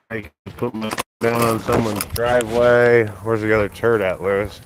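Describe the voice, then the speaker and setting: A man chatting casually and cursing as he walks his dog, muttering asides and jumping way up in pitch to praise the dog, filmed on a phone outdoors. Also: moderate pace, few pauses, background noise. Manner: relaxed and profane, muttering asides, jumps high when praising the dog. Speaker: dog owner streaming a live walk. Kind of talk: casual live-stream commentary while walking a dog. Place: outdoors on a street. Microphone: phone held while walking.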